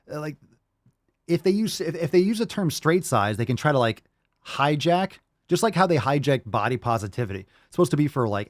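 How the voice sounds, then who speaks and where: A man's voice: medium pitch, no room sound, clean studio sound. A man hosting a podcast, ranting and mocking a clip in a brash, profane way. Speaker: podcast host. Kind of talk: ranting reaction commentary.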